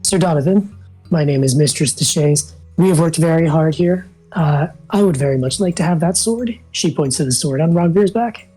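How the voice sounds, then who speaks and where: A woman playing a tabletop game, describing her character's actions in a relaxed way. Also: sits low, moderate pace, husky, soft background music, rough recording. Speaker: player. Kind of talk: tabletop role-play.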